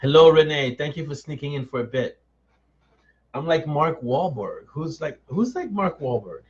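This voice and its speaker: A man's voice: on the high side, fairly even intonation, normal speed. Middle-aged guy on a live stream, reading chat and joking around, kinda dull lo-fi audio. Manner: chatty, answers viewers by name, self-mocking. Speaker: author hosting a live chat.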